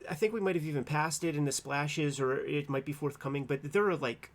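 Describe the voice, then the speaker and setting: A man's voice: a little high, fairly quick. A man co-hosting a casual chat about a comic, enthusiastic and laughing often, with many fillers like "like" and "man.". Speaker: co-host.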